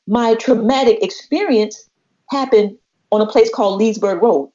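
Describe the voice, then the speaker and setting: A woman tells a personal story on a podcast, acting out every quoted voice with lively animation. Her voice sits fairly high yet sounds mellow, and the audio is slightly muffled and lo-fi. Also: moderate pace. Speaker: podcast co-host. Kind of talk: casual storytelling chat.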